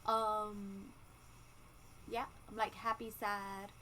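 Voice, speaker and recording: A woman talks straight to camera in a loose, candid home vlog, full of ums and likes and casual swearing. Her voice sits at an ordinary middle pitch. A faint ceiling fan hums behind her. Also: level tone, very slow, pushed and bright, low-quality recording. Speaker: vlogger. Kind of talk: casual pregnancy update vlog. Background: faint ceiling fan hum.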